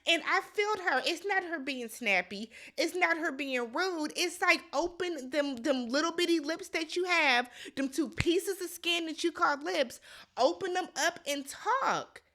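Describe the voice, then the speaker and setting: A woman's voice: extremely high pitch, a little slow, bright, forceful tone. A woman giving a blunt, exasperated casual recap commentary, talking straight to the viewer. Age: adult. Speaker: recap vlogger.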